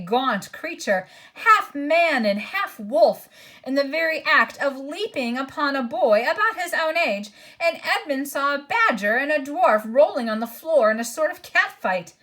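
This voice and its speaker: A woman's voice: fairly high pitch, a bit bright. Woman reading a storybook aloud. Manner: voices each character, aside comments to listener. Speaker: audiobook reader.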